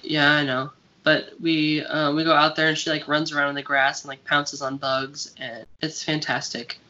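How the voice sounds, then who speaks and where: A woman co-hosts a laid-back podcast, wandering through her stories with plenty of fillers and the odd curse word. Her voice is bright, and the recording is dull and lo-fi. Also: low-pitched, level tone, normal speed. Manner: rambling, filler-heavy, profane. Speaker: podcast co-host. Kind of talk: casual chat.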